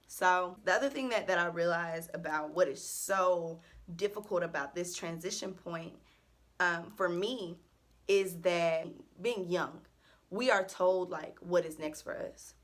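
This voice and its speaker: A woman's voice: fairly low pitch, measured pace. A woman in her early twenties, a college senior, venting earnestly and emotionally to her channel about faith and her future. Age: early 20s. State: close to tears at times. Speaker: vlogger. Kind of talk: casual heartfelt vent to camera.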